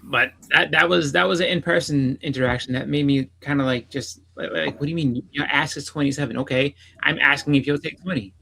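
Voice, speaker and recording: A man's voice: fairly high pitch, a little fast, creaky, few pauses, sharp tone, slight background noise, rough recording. A man on a casual podcast telling a long rambling story, repeating "I was like" and swearing freely. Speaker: podcast co-host.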